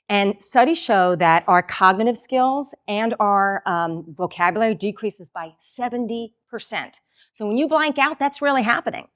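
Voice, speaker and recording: A woman in middle age gives a motivational keynote at a middle pitch. She talks in a lively, conversational way and briefly acts out the remarks she quotes. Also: normal speed. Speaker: keynote speaker.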